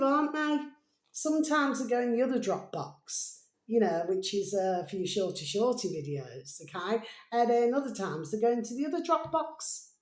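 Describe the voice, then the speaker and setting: A woman's voice: mid-range voice, darkish tone. A woman vlogging in a rambling, casual way, affectionately addressing her viewers as her babies, with many fillers and half-finished thoughts. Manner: fond, chatty, calls viewers "my delicious babies"; frequent fillers and trailing thoughts. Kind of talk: rambling casual monologue to camera. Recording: roomy, echoey sound.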